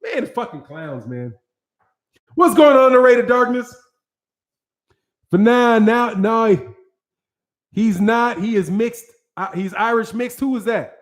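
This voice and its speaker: A Midwestern American man hosting a casual livestream, talking in an animated, profane way and reading viewer chat aloud. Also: high voice, takes it slowly. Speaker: host.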